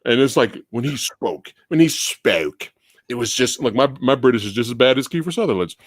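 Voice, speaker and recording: A male host in a casual livestream film discussion, animated and rambling, often laughing between points. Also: medium pitch, brisk, dry recording.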